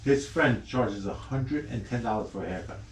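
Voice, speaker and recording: A man's voice: mid-range voice, expressive, normal speed. A man co-hosting a casual podcast, talking in a blunt, laid-back and slangy way. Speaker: podcast co-host. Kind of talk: casual chat. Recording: echoey room, mic at a distance, faint hiss.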